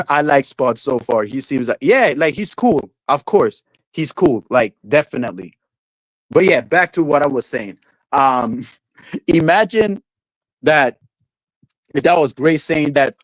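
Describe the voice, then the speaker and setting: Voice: medium pitch, no echo, poor audio. A streamer host in a casual livestream rant, swearing freely, laughing often and mocking people with silly voices.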